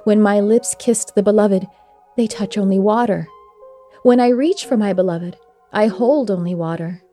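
A woman's voice: medium pitch, moderate pace, mellow, soft background music, natural voice. A woman voicing an anguished young man in love with his own reflection, pleading and crying out in a storybook reading.

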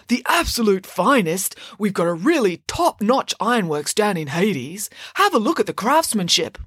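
A woman's voice: mid-range voice, very animated, normal speed, fairly bright tone, breathy edge, dry recording, studio quality. A woman voicing Death as a polite, proud male reaper who loves talking about his chains in a storybook tale. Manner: chatty, eager to show off his work.

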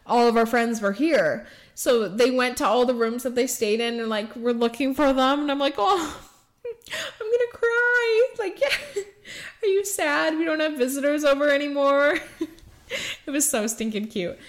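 A woman's voice: fairly high pitch, fairly bright tone. A young woman from Michigan hosting a podcast in casual chat, bubbly and laughing often, with lots of "like" in her speech. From Michigan, USA. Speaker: podcast host.

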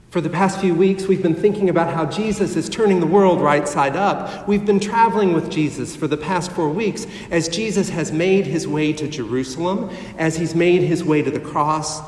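A man preaches in a sanctuary, unhurried and deliberate, with pauses that let each phrase land. His voice sits a little high for a man. It carries through a long reverb and sounds picked up from far off across the room. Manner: slow, measured preaching with dramatic pauses. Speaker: pastor. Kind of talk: sermon. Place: church sanctuary. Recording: echoey hall heard from a distance.

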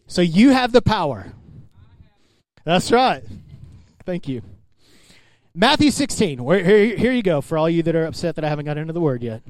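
High-voiced preacher calling out to his congregation. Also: a little mellow, dry recording. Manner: conversational, calls out to the congregation. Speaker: pastor. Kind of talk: sermon.

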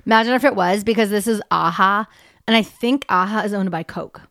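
A woman's voice: medium pitch, brisk, a bit bright, dry recording. Bubbly woman podcast co-host, dry close sound. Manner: laughs often, chatty and upbeat. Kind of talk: casual chat.

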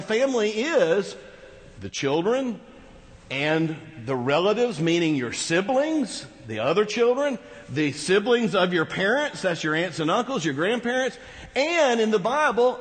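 High-voiced preacher in a reverberant hall. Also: male voice, fairly bright tone. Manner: conversational, rhetorical asides. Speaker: pastor. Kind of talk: sermon. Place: large church hall.

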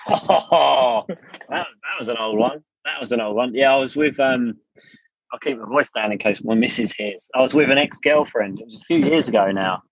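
A man's voice: mid-range voice, normal speed, creaky, husky, dry recording. A middle-aged English man, a studio founder, chatting casually as a podcast guest and telling stories with frequent restarts. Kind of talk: casual interview storytelling. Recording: dull lo-fi podcast audio.

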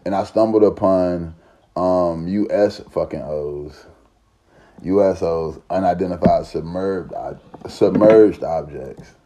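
A man's voice: deep voice, slow, dark tone. A man, talking in a profane, rambling, emphatic casual monologue. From Southern United States.

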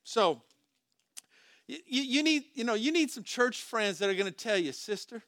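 A male pastor delivers a sermon in a high, bright voice. He speaks conversationally, firing rhetorical questions at the congregation and often restarting his phrases. The sound is dry and close. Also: animated, normal speed, no room sound.

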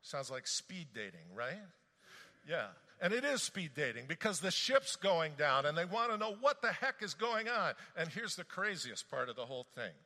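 A man preaching a sermon in an animated, conversational way, reading scripture aloud and commenting on it. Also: on the high side, normal speed. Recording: long reverb of a large hall.

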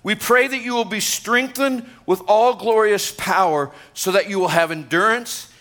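A man preaching a lively sermon as pastor, excitable and joking with the congregation. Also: high voice, normal speed. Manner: energetic, excitable, jokes with congregation.

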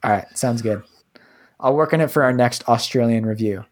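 Relaxed American man with many fillers. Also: mid-range voice, moderate pace. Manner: relaxed, filler-heavy, hesitant. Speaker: podcast co-host. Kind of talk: casual podcast chat.

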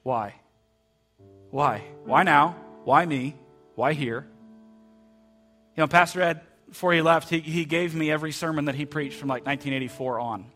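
A man's voice: a little high, moderate pace, long pauses, faint music behind. Man preaching a heartfelt sermon. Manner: heartfelt, repeats words, soft quotes. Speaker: pastor. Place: church sanctuary.

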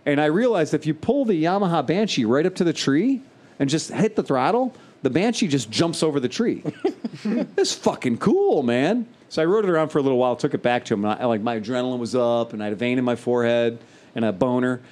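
A man casually telling a story, animated and profane, imitating engine noises as he goes. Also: medium pitch, brisk.

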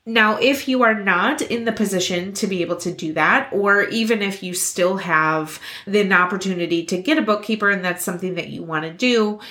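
A woman's voice: medium pitch, normal speed, hardly any pauses, sharp tone. Young woman podcast host, earnest encouraging advice, mid-range voice. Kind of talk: scripted podcast talk.

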